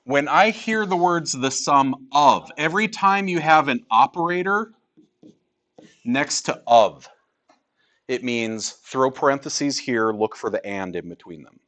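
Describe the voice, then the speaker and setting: A man's voice: medium pitch, lively intonation, measured pace, a bit bright. A male math teacher teaching a class in a classroom, joking with students and asking rhetorical questions.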